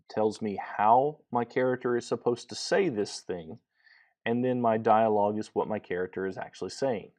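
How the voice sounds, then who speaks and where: A man instructor walking through a screenwriting tutorial, halting with many fillers as he explains each step. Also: fairly low pitch, a little mellow.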